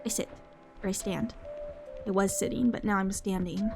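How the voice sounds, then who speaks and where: A woman's voice: medium pitch, steady tone, moderate pace, gravelly, music in the background. A woman streaming a fishing game, chattering to her chat in a bubbly way, gasping with delight and repeating her lines playfully. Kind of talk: casual gaming stream chatter.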